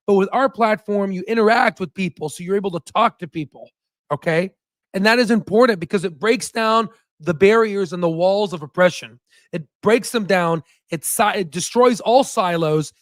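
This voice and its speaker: A man's voice: high-pitched, no echo, studio quality. A man hosting a casual stock market livestream, talking in a heated, rambling way and tagging his points with "right?". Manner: heated and ranting, with frequent "right?" tags; rambling with restarts and self-corrections.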